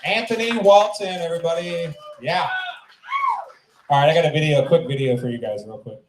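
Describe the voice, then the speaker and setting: A man's voice: on the high side, brisk, very noisy. A man hosting a comedy open mic in a small club, bantering loosely and teasing the comics. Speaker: show host. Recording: echoey club with music.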